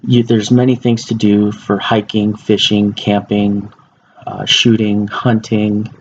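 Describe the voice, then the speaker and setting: Low gravelly young man giving a speech. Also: completely flat delivery, takes it slowly. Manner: informal, with fillers and restarts. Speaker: student speaker. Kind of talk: informative class speech. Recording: muffled lo-fi recording with faint background hiss.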